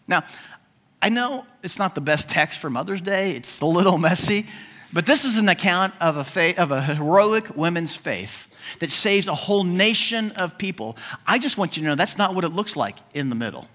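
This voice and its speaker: A pastor preaching a sermon, telling the story in a jokey, animated way with modern asides. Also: male voice, high voice, normal speed.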